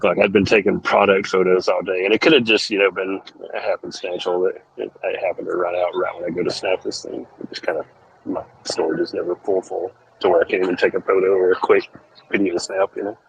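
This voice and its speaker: A man's voice: sits low, level tone, fairly quick, creaky, dull audio, slight background noise. A man hosting a casual online group voice chat, rambling and swearing freely. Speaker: host.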